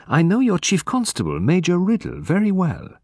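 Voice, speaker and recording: A man's voice: sits high, huge pitch swings, a little mellow, husky, dry recording, clean studio sound, voice pushed up, heavily acted. Poirot, a man voicing a precise, commanding detective. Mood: authoritative. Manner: formal, measured, courteous.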